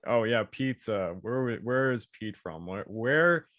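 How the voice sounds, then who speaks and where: A man's voice: medium pitch, slow pace, no echo. A man from Quebec co-hosting a podcast, telling stories with frequent laughter in casual chat. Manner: animated storyteller, laughs often. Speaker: podcast co-host. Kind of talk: casual round-table chat.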